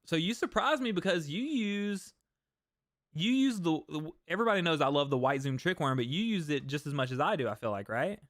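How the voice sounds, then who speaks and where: A man's voice: a little high, animated, a little fast, a bit bright, no echo, clean studio sound. A young man hosting a fishing livestream, chatting casually and reading viewer comments aloud with easy laughs. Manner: laid-back, reads viewer comments aloud, laughs easily. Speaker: fishing channel host.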